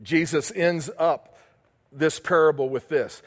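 A man's voice: fairly high pitch, steady tone, slow pace, in a large hall. A male pastor preaching a sermon, asking the congregation questions and answering them himself.

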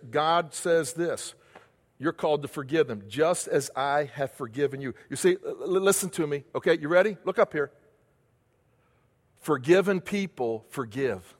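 A man's voice: fairly high pitch, long reverb tail. A male pastor preaching a sermon, asking the congregation questions and answering them himself.

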